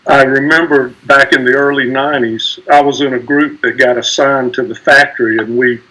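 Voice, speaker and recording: Older retiree with a bright, forward voice, modest reminiscing on a video call. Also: male voice, mid-range voice, steady tone, moderate pace, low-quality recording. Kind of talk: casual remarks on a video call.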